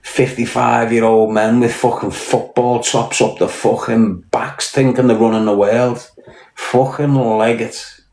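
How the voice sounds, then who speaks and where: A man's voice: medium pitch, little pitch movement, unhurried, darkish tone, echoey room. A man with a Scouse accent from Liverpool, hosting a casual live-stream. He talks bluntly, swears heavily and confronts people. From Liverpool, England. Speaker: podcast host.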